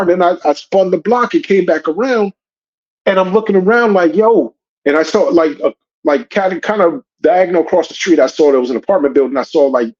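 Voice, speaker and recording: A man hosting a podcast, telling a story in a casual, slangy, animated way. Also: on the high side, highs cut off. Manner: slangy and animated, says "yo" and "you know what I'm saying". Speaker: podcast host.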